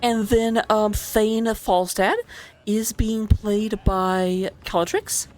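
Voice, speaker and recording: A woman's voice: mid-range voice, steady tone, slow pace, darkish tone. A woman casting a recorded esports match on her own, chatty and self-deprecating, with frequent asides and apologies while she recovers from surgery. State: recovering from surgery, sitting low in her seat. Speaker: esports caster. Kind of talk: solo game commentary mixed with personal chat.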